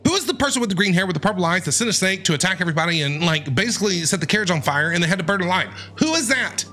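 A man giving excitable reaction commentary while reading a manga, firing off questions and exclamations. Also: high voice, rapid-fire, few pauses, faint music behind. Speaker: streamer, content creator.

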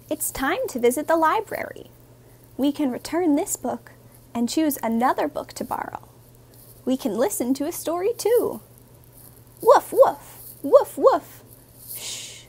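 A woman, a teacher, reading a children's picture book aloud in a gentle, expressive, sing-song way. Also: high-pitched.

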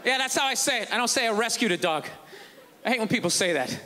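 A male stand-up comedian ranting sarcastically on stage before a live audience, often shouting his punchlines. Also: extremely high pitch, lively intonation, fast. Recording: live show with crowd laughter. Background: audience laughter and ambience.

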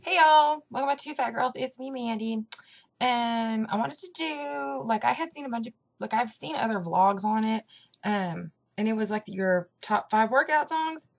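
A woman's voice: fairly high pitch, lively intonation, moderate pace, creaky. A young woman with a Southern country accent, rambling through a casual vlog with plenty of fillers and a hyper, caffeinated energy. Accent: American Southern country. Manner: chatty and rambling, with lots of fillers. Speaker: vlogger. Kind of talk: casual chat.

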